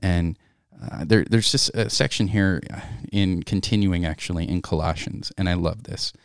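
A man with a low, deep voice speaks slowly and reflectively about faith. The sound is dry and close, with no room around it. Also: fairly even intonation, clear, resonant tone, no echo. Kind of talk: casual faith conversation, reading scripture.

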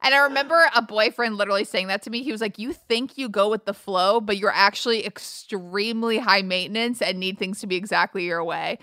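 Thirties woman just chatting, bright punchy voice, laughs a lot, super candid. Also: mid-range voice, brisk, few pauses, no room sound, clean studio sound. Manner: candid, laughing, animated storytelling. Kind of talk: casual podcast chat.

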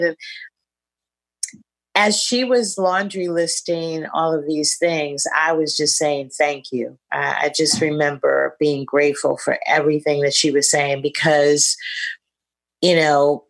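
Low-voiced middle-aged woman podcast host. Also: steady tone, a little slow. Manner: effusive and reflective. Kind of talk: casual podcast chat.

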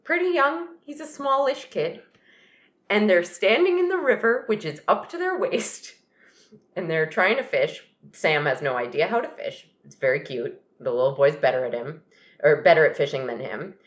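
A woman's voice: lowish voice, moderate pace. A woman co-hosting a casual podcast, recapping a TV episode and acting out lines between laughs. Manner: animated, laughing, acts out quoted lines. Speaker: podcast co-host. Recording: dull lo-fi recording.

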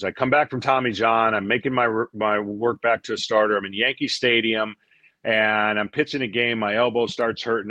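A man in his fifties, a guest on an interview podcast, telling a long story in a casual, animated way and acting out what others said. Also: mid-range voice, dry recording. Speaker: interview guest, former pitcher.

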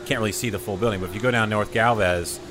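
Joking low-voiced man on a radio show. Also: fairly even intonation, fast talker, noisy background. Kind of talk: casual radio chat.

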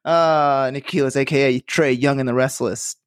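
A man's voice: medium pitch, fairly even intonation, moderate pace, clear, resonant tone, no room sound, studio quality. A young man hosting a casual podcast, joking and swearing as he talks. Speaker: podcast host.

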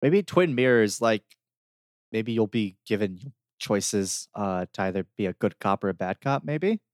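Brief: man, lower voice, relaxed podcast co-host, dry close sound, chatty with fillers. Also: measured pace, no echo. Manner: easygoing, laughs often, many fillers. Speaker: podcast co-host reviewing games. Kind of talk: casual chat.

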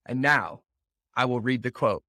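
A man's voice: medium pitch, fairly bright tone, no echo, clean studio sound. A man hosting a solo motivational podcast, talking earnestly and stressing points by repeating words. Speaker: podcast host.

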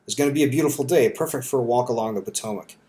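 A man reading a story, voicing a young woman researcher who speaks quickly and with a forced brightness. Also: medium pitch, close to an everyday voice. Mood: cheerful.

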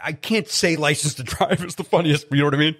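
A man's voice: a little high, fast, fairly bright tone. A man from Chicago, a stand-up comedian, chatting as a guest in a rambling, self-deprecating way. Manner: rambling, self-deprecating, repeats words when starting. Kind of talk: casual interview chat.

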